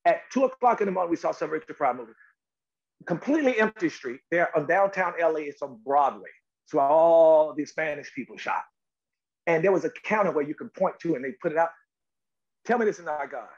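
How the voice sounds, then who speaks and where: A middle-aged North Carolina actor, guesting on an interview, tells stories in a slightly high, brisk voice, with the recording's highs cut off. He's animated, repeats words, and acts out the quotes.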